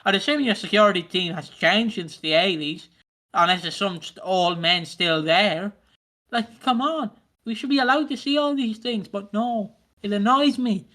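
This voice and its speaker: A man's voice: sits high, normal speed, pushed and bright. A man co-hosting a podcast, ranting in casual chat with plenty of swearing and mocking put-on voices. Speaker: podcast co-host.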